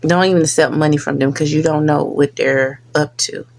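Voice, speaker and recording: A woman's voice: low voice, fairly even intonation, normal speed, vocal fry, a little mellow, a little hiss or hum. A woman hosting a reaction video, talking casually and earnestly warning her viewers.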